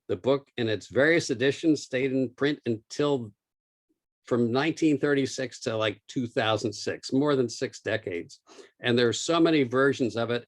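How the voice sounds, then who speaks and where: A man gives an illustrated talk about his own book, telling a lively story. He often pauses on small fillers while he talks. His voice is mid-pitched and is heard in a lecture room. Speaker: lecturer and author.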